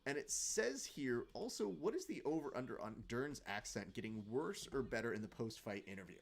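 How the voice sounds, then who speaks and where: A man's voice: medium pitch, animated, moderate pace, vocal fry. A man hosting a live fight watch-along stream, chatting casually, joking and reading out viewer comments.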